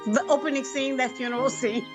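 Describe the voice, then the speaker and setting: A woman's voice: high voice, fairly even intonation, fairly quick, over music. Effusive woman on a video call. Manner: warm, effusive, laughs often. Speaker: filmmaker guest. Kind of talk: casual video call interview. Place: home.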